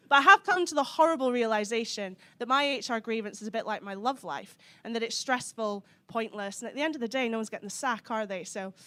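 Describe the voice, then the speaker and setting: A young woman from the Highlands performs stand-up in a comedy club, her soft Scottish Highland accent carrying a dry, sardonic edge. She swears freely and her voice sits a little high. The delivery stays deadpan and cutting. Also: no echo.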